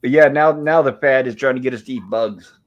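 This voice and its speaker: A chatty man hosting a casual livestream from his bedroom at home. He talks at an even, middling pitch, recapping scenes with a steady stream of asides and "of course.". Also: fairly quick, lo-fi sound. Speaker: livestream host reviewing an old sitcom. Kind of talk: casual live-stream chat.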